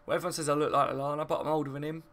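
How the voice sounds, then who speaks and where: Talking very fast in a fairly high, slightly bright voice with flat delivery, this Kent football channel host reads his live stream chat and reacts to the match. He's matey and chatty, laughing a lot and calling everyone mate.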